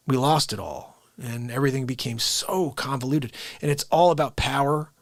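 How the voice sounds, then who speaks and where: Ranting live-stream host, dry close voice. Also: male voice, medium pitch, normal speed, dry recording. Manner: ranting, casual, talks straight to viewers. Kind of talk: unscripted live-stream chat.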